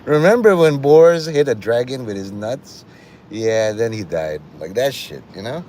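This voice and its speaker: A man's voice: medium pitch, expressive, unhurried, darkish tone, slight background noise. A man hosting a livestream, rambling and profane, often laughing at his own jokes. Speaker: livestream host.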